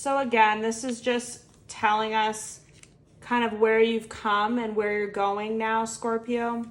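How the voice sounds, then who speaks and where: A woman's voice: fairly high pitch, level tone, slow. A woman doing an intuitive tarot reading, speaking earnestly and heartfeltly straight to the viewer, with lots of filler words. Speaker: tarot reader.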